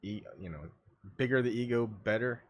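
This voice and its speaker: A man hosting a solo livestream, muttering his thoughts and asides to himself, often coughing and clearing his throat, on a desktop microphone at home. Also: mid-range voice, normal speed. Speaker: livestream host. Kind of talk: rambling solo livestream chat.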